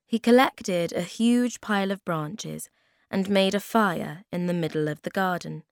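A woman reading a children's story aloud at a slow, clear, even pace. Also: lowish voice, dry recording, clean studio sound.

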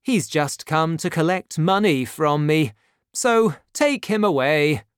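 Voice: medium pitch, expressive, slow, smooth, dry recording, studio quality, pitched above the performer's own voice. A reader voicing a brave young male swordsman in a storybook, with a raised, eager, heroic delivery. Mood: commanding. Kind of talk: storybook reading.

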